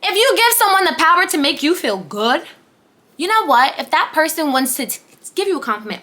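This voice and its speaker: A woman in her twenties giving a chatty, animated motivational vlog, sometimes dropping into whispers and playful asides. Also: sits high, moderate pace, a little hiss or hum. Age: 20s. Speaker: vlogger.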